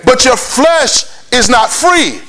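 A man's voice: very high voice, big pitch swings, slow pace, sharp tone, slight background noise. A man preaching a sermon, prodding his listeners with questions and pushing them to answer back. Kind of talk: sermon with call and response.

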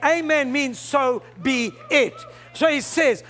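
A male pastor preaching a fervent sermon, often rising into shouts. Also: extremely high pitch, slow pace, hardly any pauses.

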